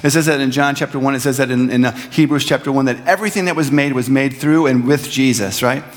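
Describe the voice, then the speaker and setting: A man's voice: mid-range voice, fast talker. A male pastor preaching a sermon in a church, earnest and building to emphatic repeated lines. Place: church sanctuary. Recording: long hall reverb.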